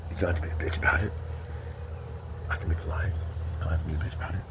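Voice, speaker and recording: An American man with a very deep, steady voice speaks to the camera through heavy background noise. His rambling vlog talk is rapid and pressured, with profanity in nearly every sentence.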